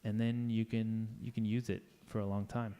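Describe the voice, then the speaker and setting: A man's voice: fairly low pitch, level tone, moderate pace, smooth, dull audio. A man giving a casual, playful talk to a live audience, chatty and acting out little scenes in voices. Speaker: conference speaker.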